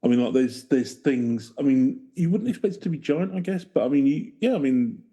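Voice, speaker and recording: Brief: male co-host, casual and halting, warm husky tone. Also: medium pitch, lively intonation. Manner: hesitant, filler-heavy. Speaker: podcast co-host. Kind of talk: casual comedy chat.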